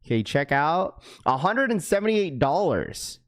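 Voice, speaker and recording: A young man livestreaming to his chat in a casual, slangy way, getting excited and repeating himself. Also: fairly high pitch, a little slow. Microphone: webcam setup.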